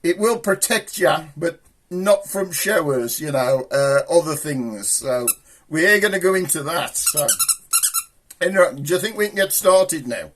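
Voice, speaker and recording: A man's voice: on the high side, expressive, a little slow, fairly bright tone, a little hiss or hum. A man with a Black Country accent hosting a puppet show, chatting in broad, cheeky, rambling banter. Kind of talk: comic chat with a puppet.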